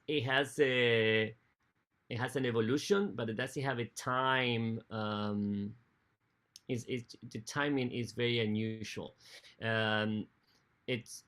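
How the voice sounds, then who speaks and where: A man's voice: medium pitch, a bit bright. Man, hesitant lecture. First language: Spanish. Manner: hesitant, restarts phrases, non-native grammar. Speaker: opera conductor giving a library talk. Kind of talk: informal lecture.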